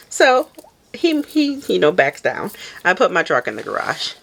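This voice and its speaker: Low-voiced woman telling a lively story. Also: takes it slowly, vocal fry, pauses often, noisy background. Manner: animated storytelling, laughs often. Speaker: soap maker vlogger. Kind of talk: casual chat while packing orders.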